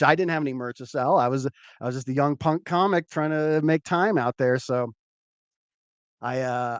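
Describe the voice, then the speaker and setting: A man hosting a show, telling a rambling, animated personal story with swearing. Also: fairly high pitch, no echo. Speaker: show host, former comedian. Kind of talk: casual storytelling.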